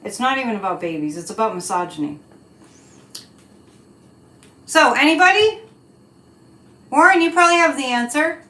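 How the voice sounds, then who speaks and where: A woman's voice: sits high, lively intonation, pushed and bright. A woman hosting a psychic livestream in casual chat, reading viewer comments and speaking in an indignant, emphatic way. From United States. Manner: indignant, emphatic, slow and deliberate. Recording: echoey room.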